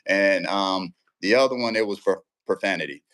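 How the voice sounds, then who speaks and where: A man, an umpire guest in a casual interview, telling lively stories and often checking in with the listener. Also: sits low, normal speed. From Central Texas.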